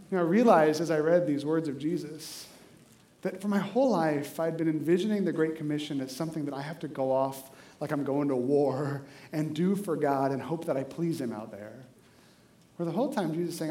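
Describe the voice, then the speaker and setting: Guy preaching in an echoey church, animated storyteller, kinda high voice. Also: fairly quick. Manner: animated, acts out dialogue, jokes with the congregation. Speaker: pastor. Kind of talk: sermon with storytelling.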